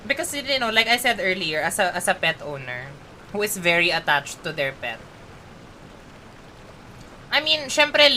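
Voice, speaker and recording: A woman's voice: on the low side, sharp tone, a little hiss or hum. A woman with a Filipino accent chatting casually on a live game stream, talkative and emotional, switching between English and Tagalog.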